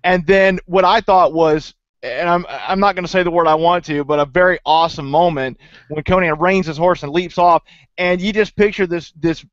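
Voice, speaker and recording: Slightly high-voiced man, dry lo-fi sound. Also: no echo. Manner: halting, with restarts, then chuckling and playful. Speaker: podcast co-host. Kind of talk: casual book discussion. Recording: dry, dull lo-fi recording.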